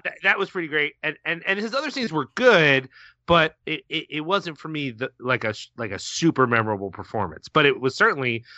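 A man's voice: mid-range voice, bright, forceful tone, no echo. A man co-hosting a casual podcast, rambling with hesitant restarts. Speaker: podcast co-host.

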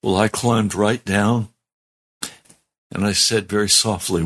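A man's voice: lowish voice, fairly even intonation, takes it slowly, a bit bright. A middle-aged man, a pastor, telling his testimony in a sermon, earnest and heartfelt with strong emphasis.

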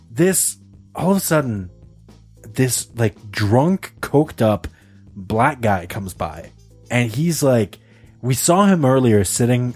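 A man on a podcast telling a story in casual chat, animated and swearing, laughing often. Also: medium pitch. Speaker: podcast co-host.

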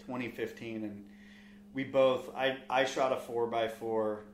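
A man's voice: medium pitch, flat delivery, unhurried, a little hiss or hum. California guy hosting, blunt, cusses a lot, echoey room. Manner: blunt, swears casually. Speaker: podcast host. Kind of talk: casual chat.

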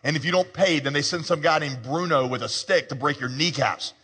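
A male pastor delivers his sermon in a conversational storytelling manner and tosses in humorous asides. His voice is bright and a bit husky. A long reverb from a large hall trails each phrase. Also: a little high, brisk.

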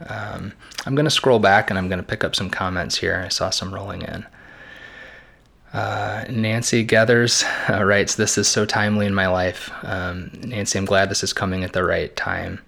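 A middle-aged man hosting a podcast, who reads reflective passages and then chats gently about listener comments, with many fillers and restarts. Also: sits low, steady tone, normal speed, creaky. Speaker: podcast host. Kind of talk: reading aloud then live book-club chat.

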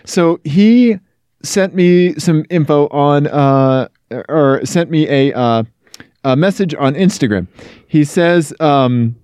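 A man's voice: a little high, slow pace, darkish tone, clean tone, dry recording, studio quality. A man from Missouri co-hosting a podcast in casual chat, talking with many fillers and restarts. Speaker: podcast co-host.

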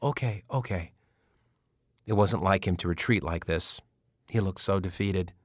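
A male narrator reads a novel in a measured, even way. His voice sits on the low side. The recording is dry and close, with no room sound. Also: no room sound. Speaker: audiobook narrator. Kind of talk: scripted narration.

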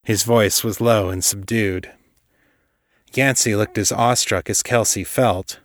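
A man with a low voice narrates a story in a steady, measured way. He is the host of his own podcast. The recording is close and dry. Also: no room sound.

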